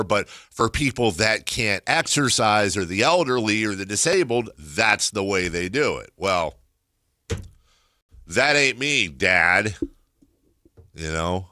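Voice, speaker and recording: Sports radio host, man, low voice that swings up and down, bright and dry, rambling banter. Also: moderate pace, hardly any pauses, no echo. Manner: rambling, animated storytelling. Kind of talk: casual on-air banter. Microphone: studio microphone.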